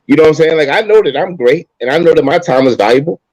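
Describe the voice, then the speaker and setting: Brash boastful man, high voice. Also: lively intonation, fast, darkish tone, dry recording, rough recording. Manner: boastful, brash, swears freely. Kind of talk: casual chat.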